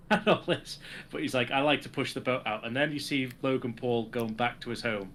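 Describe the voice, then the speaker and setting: A man's voice: medium pitch, normal speed, a bit bright, slight background noise. A man co-hosting a casual wrestling podcast, sarcastically recapping the week's shows. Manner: sarcastic, recaps segments with acted quotes. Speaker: podcast co-host.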